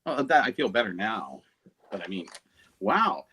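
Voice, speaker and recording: A man's voice: lowish voice, very animated, moderate pace, sharp tone, slightly rough. A man co-hosting a casual live-stream chat, answering in dry, reactive banter. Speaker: podcast co-host.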